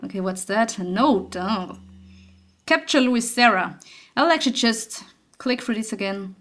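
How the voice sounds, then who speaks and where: A woman's voice: on the high side, expressive, measured pace, a bit bright. A young woman commenting on a horror game as she plays, easily startled, swearing and laughing nervously. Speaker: gaming channel host. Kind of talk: let's play commentary.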